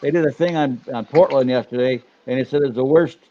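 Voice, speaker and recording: A man's voice: mid-range voice, a little fast, warm tone. An older man co-hosting a casual live chat as a business coach, rambling and searching for words. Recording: dull lo-fi live stream audio.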